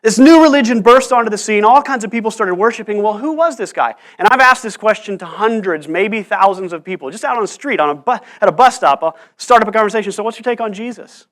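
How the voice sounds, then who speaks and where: A pastor giving a conversational sermon in church, often restarting and repeating words. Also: male voice, high voice, animated, quick pace, few pauses, a bit bright.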